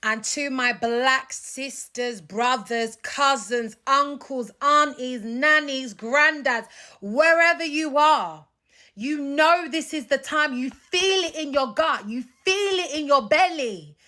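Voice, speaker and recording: Woman, slow deliberate delivery, bright voice, rallying, impassioned. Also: sits high. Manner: rousing, rallying. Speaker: social media commentator. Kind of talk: impassioned speech to camera.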